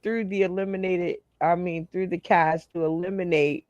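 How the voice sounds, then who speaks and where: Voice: mid-range voice, fairly even intonation, moderate pace, darkish tone, no room sound, highs cut off. A host running a comedy game show over a video call, speaking in a teasing way. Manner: laughs often, teasing.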